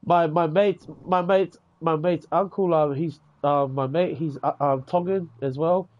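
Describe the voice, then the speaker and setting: The audio is dull, carrying a slightly high, steady-toned voice at a measured pace. It belongs to a New Zealand-accented man in a game's voice chat who rambles casually, curses without restraint, and ends lines with "eh" and "bro".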